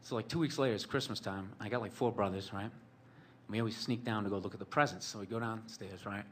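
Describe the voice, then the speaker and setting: A man with a fairly low, evenly pitched voice talks fast as he tells a long personal story, with slight noise in the background. His monologue rambles, profane and sardonic, packed with fillers like "like" and "you know."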